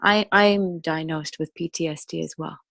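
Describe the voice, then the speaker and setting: A woman sharing a personal story on a video call, speaking haltingly with many pauses and fillers, moved and emotional. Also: deep voice, fairly even intonation, vocal fry, fairly bright tone, no room sound. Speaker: webclass participant.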